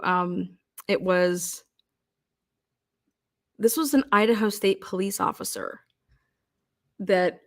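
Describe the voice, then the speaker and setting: A woman's voice: medium pitch, a bit bright. A middle-aged woman telling stories in a casual monologue, profane and exasperated, acting out quoted voices. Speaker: commentator on a criminal case.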